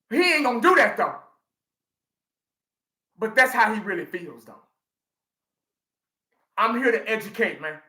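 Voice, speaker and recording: Brief: fan vlogger, man, 40s, profane and repetitive, forceful bright voice. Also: sits high, big pitch swings, slow pace, long pauses, reverberant. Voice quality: profane, emphatic, repeats himself. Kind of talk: ranting live reaction.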